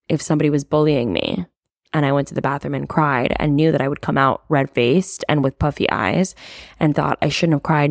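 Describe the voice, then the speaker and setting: A young woman with a low voice hosts a solo podcast where she talks openly about her emotions. She's confiding and casual, dropping "like" often and swearing now and then. The audio is studio quality with no echo.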